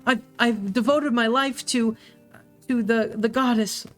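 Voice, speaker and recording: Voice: mid-range voice, steady tone, fairly bright tone, soft background music, pitched above the performer's own voice, close to an everyday voice. A game master voicing an earnest young cleric sister. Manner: halting, repeats words as she speaks.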